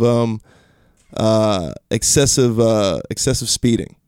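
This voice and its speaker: Fast-talking man telling a story. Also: mid-range voice, dry recording, clean studio sound. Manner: animated, acts out quotes in raised voice, swears. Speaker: podcast guest. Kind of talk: casual storytelling.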